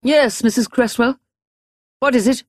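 A woman voicing a blunt, eccentric elderly spinster in an audiobook, with a brisk, imperious manner. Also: lowish voice, big pitch swings, gravelly, darkish tone, breathy edge, heavily acted. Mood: sharp. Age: older. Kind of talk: audiobook character voice.

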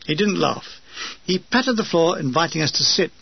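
Wry man narrating with a gravelly voice. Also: a little high, moderate pace, no room sound. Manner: dry, deadpan comic asides. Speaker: narrator reading his war memoir. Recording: dull lo-fi dry recording.

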